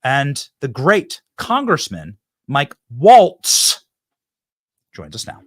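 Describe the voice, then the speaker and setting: A man hosting a live political show, joking with his crew and interviewing a guest in a lively, teasing way. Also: medium pitch, extremely slow, no room sound, studio quality. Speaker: host.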